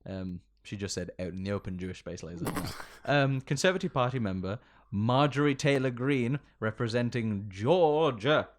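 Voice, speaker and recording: A man's voice: medium pitch, animated, normal speed, few pauses. A man co-hosting a podcast in casual comedic chat, often laughing and reading out posts with mock emphasis. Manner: giggly, reads out tweets with mock emphasis. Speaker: podcast co-host.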